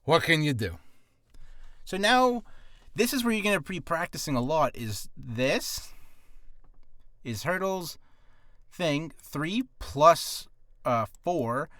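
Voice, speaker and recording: A man's voice: fairly high pitch, big pitch swings, slow, pauses often, fairly bright tone, no room sound, clean studio sound. A man coaching voice acting in a loose, rambling, joking way. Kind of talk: casual coaching talk.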